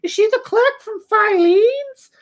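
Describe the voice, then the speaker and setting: A man putting on a shrill fussing mom. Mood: frantic. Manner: shrill, rapid, fussing questions. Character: cheerful mother turning frantic, middle-aged.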